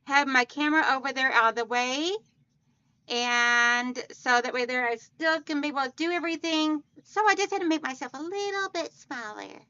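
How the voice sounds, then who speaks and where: A woman hosts a casual quilting livestream, chatting warmly with viewers, greeting them by name and calling them hon and sweetheart. Her voice is high-pitched at normal speed. The recording is dry and muffled.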